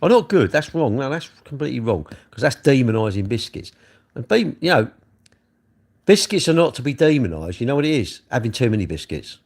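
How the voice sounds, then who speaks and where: Talking into his phone from his bedroom on a late-night livestream, a middle-aged man chats loosely and mocks himself. His mid-range, darkish voice moves fairly quickly with big swings in pitch.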